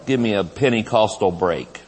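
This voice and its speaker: A man in his fifties preaching a humorous, lively sermon at a live conference, laughing as he talks and shouting some lines. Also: fairly low pitch, moderate pace, slight background noise. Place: large church sanctuary. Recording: live sermon with long hall reverb.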